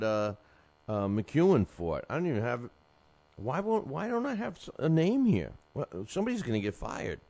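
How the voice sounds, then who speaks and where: A man's voice: fairly low pitch, a little mellow, no room sound. A man hosting a boxing show, rambling through results with many fillers, his throat sore from a cough drop. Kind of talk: casual live show chat.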